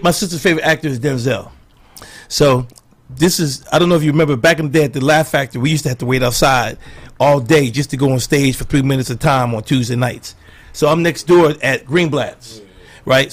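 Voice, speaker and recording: A man's voice: mid-range voice, a little fast. A man, a comedian, telling profane stories in a casual chat and acting out what people said. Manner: animated, profane, acts out quotes in others' voices. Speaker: comedian guest.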